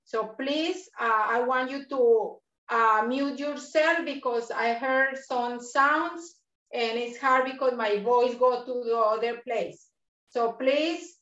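Slow, encouraging high-voiced woman instructor. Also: fairly bright tone. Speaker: yoga and meditation instructor. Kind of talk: guided breathing and chair yoga class. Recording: roomy, distant, dull video-call sound.

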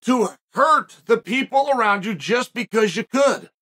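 A man's voice: very high-pitched, animated, unhurried, pushed and bright, slightly rough. A middle-aged man hosting a podcast, delivering a reflective commentary monologue full of rhetorical questions and restarts. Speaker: podcast host.

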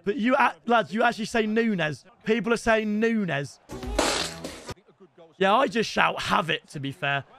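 A young British man streaming a football game, excitable, swearing and shouting, calling viewers lads. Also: sits high, normal speed, creaky, soft background music. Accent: British English. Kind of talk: live gaming commentary.

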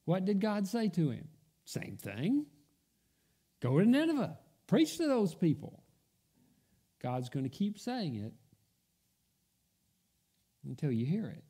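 A man's voice: sits high, warm tone. A man preaching a sermon, telling the story in a storytelling manner, acting out the quoted voices and dropping almost to a whisper for emphasis. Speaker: pastor. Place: church.

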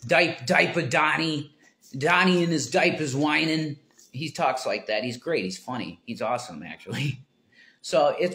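Rambling man ranting about politics. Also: mid-range voice. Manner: rambling, self-interrupting, swings from mumbling to loud exasperation. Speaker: political commentator. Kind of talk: casual rambling monologue.

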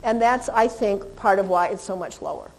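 A woman lecturing a live seminar audience on dog behavior, animated, imitating animal and human sounds and asking the room questions. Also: mid-range voice, normal speed.

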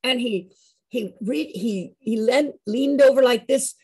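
A woman in her sixties telling a personal story in an animated, chatty way, with a husky voice. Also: on the high side, a little slow, low-quality recording. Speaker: show regular.

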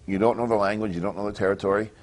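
A lowish-voiced man from Canada answering interview questions in a blunt, casual way. He swears nearly every sentence and stumbles through restarts, never polished. The delivery stays loose and unscripted. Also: flat delivery, rapid-fire. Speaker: wrestler guest. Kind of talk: casual profane interview talk.

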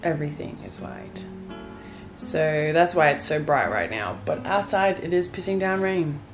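A young woman vlogging to her viewers from a bright white bedroom, talking candidly and a little wearily as if on a casual video chat. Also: sits low, sing-song, normal speed. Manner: tired, candid and rambling. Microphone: phone camera, close. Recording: faint guitar music underneath.

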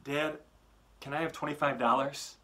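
A man's voice: on the high side, steady tone, moderate pace, bright, forceful tone, pitched above the performer's own voice. A man voicing an eager young boy who asks earnestly and pleads. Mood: pleading.

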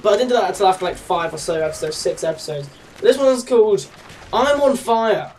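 A man's voice: sits high, lively intonation, fast talker, a little mellow, distant mic, slight background noise. A young man with a put-on Australian accent, giving chatty, rambling gameplay commentary and swearing casually. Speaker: gaming YouTuber.

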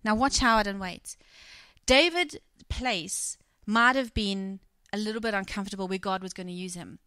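A middle-aged woman delivers a sermon in an animated storytelling manner. Her tone is bright and forward, the sound dry and close. She slips into the voices of the people she quotes. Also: mid-range voice, normal speed, clean tone, dry recording. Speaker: preacher.

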